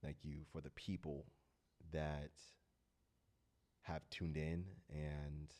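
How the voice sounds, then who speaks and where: Very deep-voiced man talking from the heart. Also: little pitch movement, slow pace, darkish tone. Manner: earnest and sincere, speaking from the heart; loose, rambling storytelling. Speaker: host of a talk channel. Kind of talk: casual heartfelt monologue.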